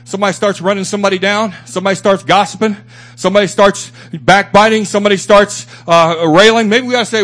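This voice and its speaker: Man, high voice, fervent church sermon, repeating lines for emphasis, small congregation. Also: fast, a bit bright. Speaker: preacher.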